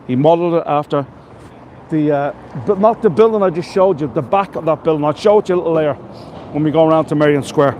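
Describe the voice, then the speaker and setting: With a fairly high pitch, a darkish tone, and a fast delivery, an Irish tour guide leads viewers on a live walk through the city, calling out their names. He's enthusiastic and chatty, heaping superlative praise on the buildings, while faint street and traffic noise carries underneath.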